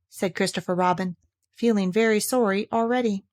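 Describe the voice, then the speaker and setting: A woman reading a classic children's book aloud in a gentle storytelling manner. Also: mid-range voice, steady tone, normal speed. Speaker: storybook reader.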